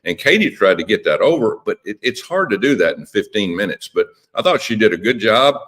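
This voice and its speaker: A man's voice: lowish voice, sing-song, brisk, fairly bright tone. A man speaking as a politician guest on a radio interview, impassioned and emphatic, often repeating words.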